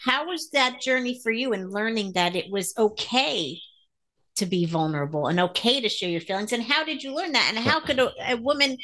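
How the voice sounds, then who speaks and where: A woman's voice: on the high side, animated, fairly quick, sharp tone. A middle-aged woman co-hosting a relationship talk show, asking questions in a supportive way. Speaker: podcast co-host.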